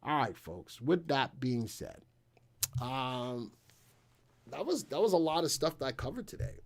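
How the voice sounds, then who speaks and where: A man's voice: mid-range voice, unhurried, dry recording. Chatty male stock-market livestream host. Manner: relaxed, chatty, reads live chat aloud. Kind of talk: casual live-stream stock commentary.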